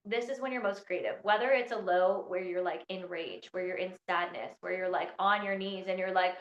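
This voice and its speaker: Indoors in Scotland during a storm, a woman coaches a live online training, bubbly and excitable, her words spilling out a little fast around constant "like"s. Her lowish voice is caught by her phone in a roomy, echoey space, sounding slightly dull and muffled.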